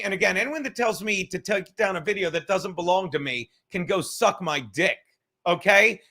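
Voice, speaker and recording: A man's voice: sits high, expressive, moderate pace, sharp tone. A man hosting a comedy podcast from his apartment, ranting in a profane, mocking, sarcastic way. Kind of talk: casual sarcastic rant. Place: home apartment.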